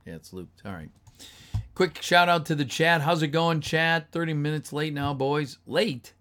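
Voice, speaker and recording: A man's voice: a little high, animated, measured pace, fairly bright tone. A man chatting casually with his livestream viewers, reading their messages aloud and greeting them, his voice a little tired. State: voice getting tired. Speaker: voice actor reading a script on a livestream.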